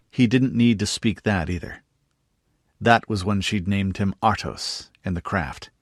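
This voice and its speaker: A man reads a fantasy novel aloud in steady scripted narration. His voice is low and husky. The recording is dry and close. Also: a little slow, dry recording. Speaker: audiobook narrator.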